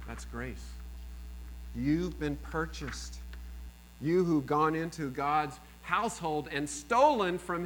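A man over forty preaching a sermon as pastor, swinging between emphatic peaks and low, quiet lines. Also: low-quality recording. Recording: faint mains hum.

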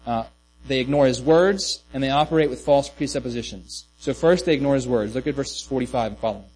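A man's voice: medium pitch, brisk, darkish tone, poor audio. A man preaching a sermon in a loose, conversational way, with many restarts and asides. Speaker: pastor.

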